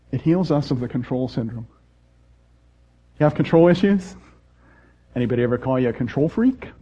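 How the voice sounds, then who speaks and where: Mellow-voiced man preaching a sermon. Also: mid-range voice, dull audio. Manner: earnest preaching with rhetorical questions to the congregation. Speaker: pastor.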